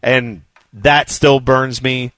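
Animated man on sports radio. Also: medium pitch, fast, no echo. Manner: animated, mimics voices in quotes. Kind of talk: casual sports radio chat. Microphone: studio mic.

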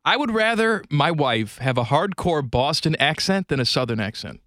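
A man's voice: fairly high pitch, sing-song, moderate pace, fairly bright tone, no room sound. A man co-hosting a radio talk show, bantering in a blunt, teasing, opinionated way into a studio mic. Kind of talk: casual banter.

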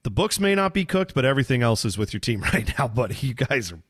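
A man's voice: mid-range voice, sing-song, quick pace, slightly rough, no room sound, clean studio sound. A man co-hosting a podcast, chatting about soccer in an easygoing, joking way. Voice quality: easygoing, joking, trails off and restarts. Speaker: podcast co-host. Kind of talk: casual sports chat.

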